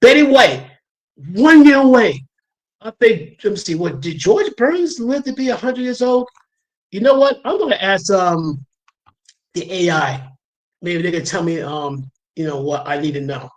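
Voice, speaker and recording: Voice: mid-range voice, moderate pace, poor audio. Laughing rambling New York host. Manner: rambling, laughs often, animated. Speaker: livestream host. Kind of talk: casual chat.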